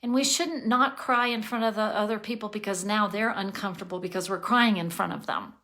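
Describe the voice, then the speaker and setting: A woman's voice: medium pitch, fairly quick, pushed and bright. A woman talking to camera in a casual vlog, earnest and passionate, thinking aloud between sighs and laughs. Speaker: vlogger.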